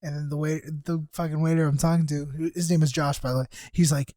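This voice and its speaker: A man's voice: fairly high pitch, fast, no echo, studio quality. Profane young man telling a story. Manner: profane, animated, acts out quoted people. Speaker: podcast co-host. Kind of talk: casual chat, storytelling.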